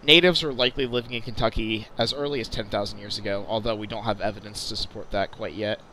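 A man's voice: fairly low pitch, fairly even intonation, fast talker, sharp tone, low-quality recording. A young man hosting a casual flight simulator tour, chatting along with many fillers and restarts over a faint background hum. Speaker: video host. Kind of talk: casual flight sim commentary.

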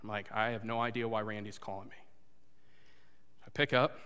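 A man's voice: fairly low pitch, flat delivery, moderate pace, smooth. Earnest male pastor in a reverberant church. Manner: earnest, swings between loud urging and hushed confession. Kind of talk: sermon with personal story. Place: church sanctuary before a congregation. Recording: long hall reverb.

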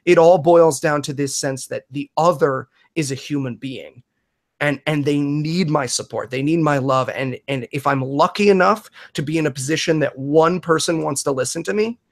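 A man is chatting on a video call, his voice sitting high for a man. He tells his stories in a rapid, animated way and often restarts a sentence before he finishes it. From New York. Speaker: comedian and magician guest. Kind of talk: casual video-call chat.

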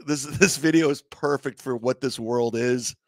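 A man's voice: mid-range voice, normal speed, no room sound. Profane man telling a story, dry sound. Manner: profane, animated, acts out the voices of others. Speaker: comedian podcast host. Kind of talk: casual storytelling.

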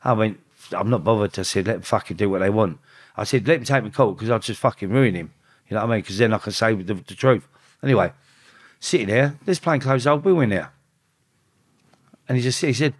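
Guest, male, low-pitched, casual and profane, voices others' lines. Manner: swearing, quotes others in rapid back-and-forth; animated, rising in pitch when quoting. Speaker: podcast guest. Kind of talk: casual storytelling.

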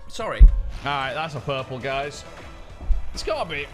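Lively man streaming a game. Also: medium pitch, moderate pace, music in the background. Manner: swearing, excitable, jokey. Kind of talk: casual gaming stream chat.

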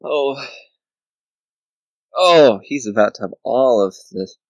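A man plays a board game video game and comments on it casually, talking to himself, counting squares aloud, and grumbling at his opponent with mock anger. His mid-range voice is expressive and slow, recorded with no room sound and low quality.

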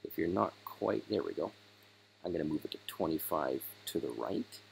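A man hosting a casual step-by-step software tutorial, hoarse as he is losing his voice. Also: a bass voice, expressive, moderate pace, a little hiss or hum, rough recording. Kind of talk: screen-recorded software tutorial.

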